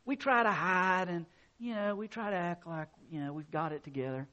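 A man's voice: sits high, normal speed, sharp tone, dull audio. A man preaching a sermon, reading scripture and building to emphatic rising bursts. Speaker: pastor.

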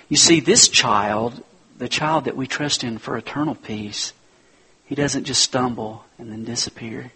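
A male pastor preaching a sermon with passion, swinging from loud urging down to a near whisper. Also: mid-range voice, unhurried, slightly rough, rough recording.

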